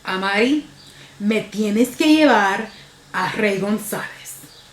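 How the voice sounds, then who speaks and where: A woman's voice: mid-range voice, expressive, slow, roomy sound. A woman voicing her elderly grandmother, earnest and insistent, repeating her words as she makes her case.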